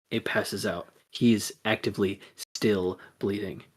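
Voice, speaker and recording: A woman narrating a tabletop game as game master, casual and animated. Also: a bass voice, measured pace, breathy edge.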